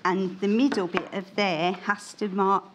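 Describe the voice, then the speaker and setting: A woman's voice: medium pitch, little pitch movement, measured pace, fairly bright tone, slight background noise. A woman demonstrating sewing steps in a live shopping broadcast, chatty and a little hesitant. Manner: chatty, hesitant, giggles nervously.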